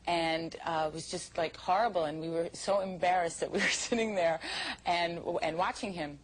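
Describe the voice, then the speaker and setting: A woman's voice: lowish voice, fairly even intonation, a little slow, poor audio. A woman in a documentary interview, reminiscing with amusement and laughing as she talks.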